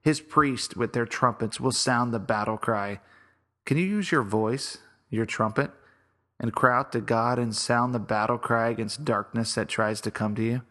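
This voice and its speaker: A man's voice: medium pitch, steady tone, normal speed, a bit bright. A man hosting a devotional podcast, teaching from the Bible in an earnest, exhorting way. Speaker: podcast host.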